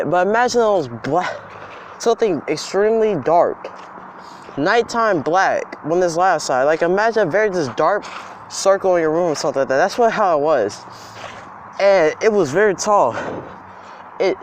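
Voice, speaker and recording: Young guy with a high voice rambling through a story outside, faint traffic behind. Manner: casual, rambling, emphatic. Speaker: vlogger. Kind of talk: storytime vlog. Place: outdoors in the cold.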